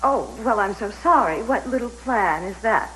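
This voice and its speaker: A proud woman, played by an actress, answers her rival coldly and with contempt. Her voice moves lively up and down. The soap-opera audio is roomy with faint hiss. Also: medium pitch, normal speed, close to an everyday voice. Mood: contemptuous. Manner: cold, cutting, contemptuous.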